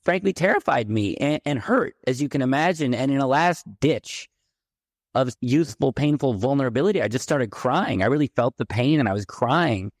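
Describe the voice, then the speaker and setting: A middle-aged man from the San Francisco Bay Area, a podcast guest telling his childhood story in a candid, animated way. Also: mid-range voice, moderate pace, dry recording, clean studio sound. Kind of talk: personal storytelling in a podcast interview.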